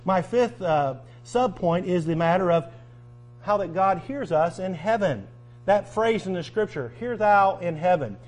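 A man's voice: high voice, darkish tone. A man delivering a sermon, reading scripture aloud and asking emphatic rhetorical questions. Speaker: preacher.

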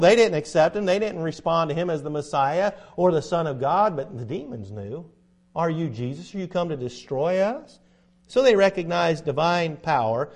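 A middle-aged man teaching a Bible lesson in sermon style, emphatic, with sudden loud bursts for stress. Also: a little high.

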